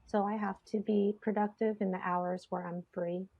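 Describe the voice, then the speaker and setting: Mid-pitched woman podcast host rambling casually, kinda dull lo-fi mic. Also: little pitch movement, normal speed. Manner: chatty, rambling with many fillers. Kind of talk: casual chat. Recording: slightly dull lo-fi sound.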